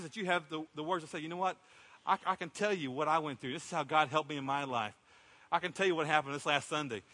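A man's voice: fairly high pitch, sharp tone. A middle-aged man preaching a sermon as a pastor, in a conversational storytelling way that acts out what people said, recorded in a church sanctuary. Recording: long reverb from a church hall.

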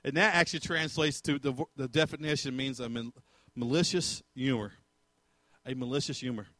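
A man's voice: medium pitch, normal speed, bright, forceful tone, dry recording. A man preaching a sermon, telling stories emphatically and acting out quotes. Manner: emphatic, storytelling, acts out quotes and laughs.

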